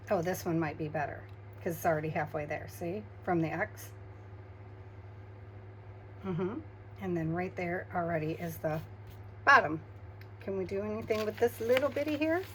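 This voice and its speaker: A tired woman talks quietly and casually as she works on an art project, murmuring and humming along to herself. Her pitch sits in the middle range. A faint hiss of noise runs under the recording. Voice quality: hums and murmurs to herself while working. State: quiet, tired after migraine. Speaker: craft video host. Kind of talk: casual crafting chatter.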